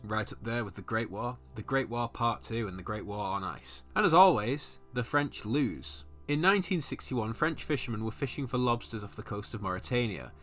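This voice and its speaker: A man's voice: fairly low pitch, fairly quick, hardly any pauses, a bit bright, faint music behind. A man hosting his own channel, giving scripted comedic history narration with dry, sarcastic asides. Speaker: channel host.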